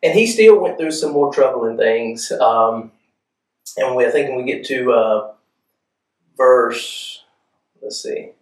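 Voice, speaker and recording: A man's voice: mid-range voice, slow, long pauses, distant mic. A man preaching a sermon in a conversational way, often asking the room whether they follow. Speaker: pastor. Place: church hall. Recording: echoey room, voice from off-mic.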